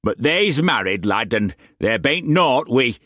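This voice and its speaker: A frightened, rough-spoken woman, as a male narrator puts her on, pleading in a broad country dialect. The voice is lifted well above his own pitch. The recording is dry and close. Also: sing-song, measured pace, a bit bright, no echo. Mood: anxious.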